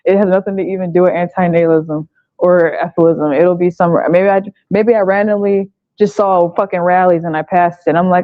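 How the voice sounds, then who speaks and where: Excitable, profane woman host. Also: fairly low pitch, brisk, no echo, phone-quality sound. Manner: excitable, profane, repeats herself. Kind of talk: casual podcast chat.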